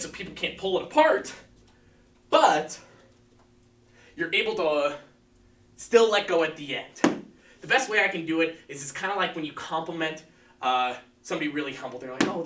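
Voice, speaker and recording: A man's voice: a little high, sharp tone. A man teaching a live-streamed martial arts class, coaching energetically and calling out counts. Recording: echoey room, mic at a distance.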